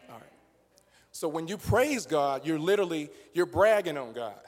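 High-voiced preacher in a reverberant church. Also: male voice, animated, moderate pace. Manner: passionate, builds to shouting. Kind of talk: sermon. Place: church sanctuary.

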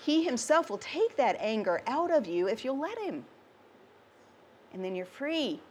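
A woman preaching with a somewhat high voice, drawing out her words slowly and pressing each point home. She talks to her congregation like a conversation, asking them questions as she goes. A faint hiss of noise sits under the recording. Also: sing-song. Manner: slow and emphatic. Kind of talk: sermon.

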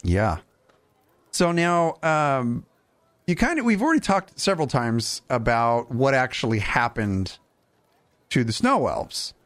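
A man hosting a casual gaming podcast, animated and jokey, with quick asides. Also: medium pitch. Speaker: podcast host.

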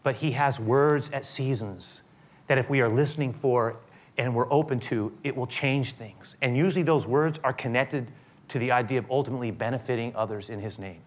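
A middle-aged man preaching a sermon in a mid-range voice. He talks quietly and reflectively at times, then climbs into emphatic, urgent appeals. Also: mid-range voice, normal speed. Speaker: pastor.

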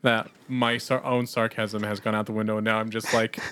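A man's voice: on the low side, little pitch movement, brisk, fairly bright tone. A man co-hosting a podcast in casual chat, telling rambling stories with hesitant fillers. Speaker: podcast co-host.

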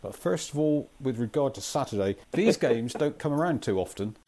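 Laid-back podcast host guy, warm low-key tone, keeps things moving. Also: animated, normal speed. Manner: easygoing, steers the segment with short prompts. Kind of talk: casual chat.

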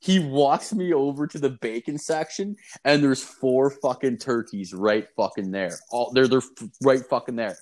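A man's voice: medium pitch, moderate pace, few pauses, darkish tone. A man telling a rambling, profane story in casual chat, filling it with "like" and "dude".

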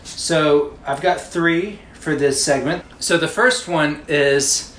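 A woman's voice: sits low, slow. A woman co-hosting a podcast, steadily introducing segments and giving advice in casual chat. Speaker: podcast co-host. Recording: roomy echo with faint noise.

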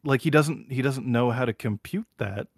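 A man casually recounting a TV scene on a podcast, animated and profane, swearing freely. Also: mid-range voice, moderate pace, breathy edge, dry recording, clean studio sound. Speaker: podcast host. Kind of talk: casual chat, retelling a show scene.

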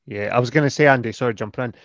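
A man's voice: medium pitch, rapid-fire, dry recording. A man in his forties talks earnestly in a casual podcast chat, explaining his view. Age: 40s. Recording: slightly dull lo-fi sound.

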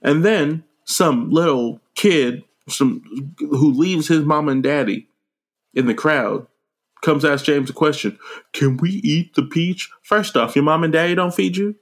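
A man on a podcast, casually recapping a movie with lots of swearing, jumping into quick voices for the characters. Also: fairly high pitch. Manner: animated, profane, acts out characters in quick voices. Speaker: podcast co-host.

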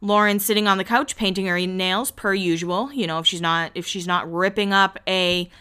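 A woman chatting casually as a podcast host, recapping a reality show and quickly acting out what people said. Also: medium pitch, steady tone, pushed and bright, clean tone. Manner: chatty, quotes people in quick acted voices.

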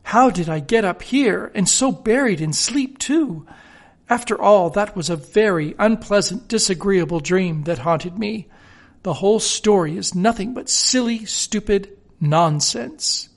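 A man's voice: high-pitched, animated, measured pace, full character voice. A man voicing a bewildered copying clerk who talks in a startled, exasperated way. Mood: flustered.

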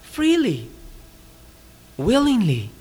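A pastor preaching to his congregation in a relaxed, conversational way. His voice sits high for a man and moves a great deal in pitch. He keeps asking his listeners questions and sometimes sinks almost to a hush for emphasis. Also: very slow, husky. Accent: Californian. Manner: conversational, asks the audience rhetorical questions; drops to a soft, hushed voice for emphasis. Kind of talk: sermon. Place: church.

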